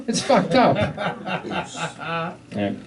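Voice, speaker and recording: A man's voice: high voice, wildly swooping pitch, very slow. A young man doing a rambling, self-deprecating stand-up set, swearing often and undercutting his own jokes. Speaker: stand-up comedian. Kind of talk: open-mic stand-up set. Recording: live club mic, heard from a distance with audience. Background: crowd laughter.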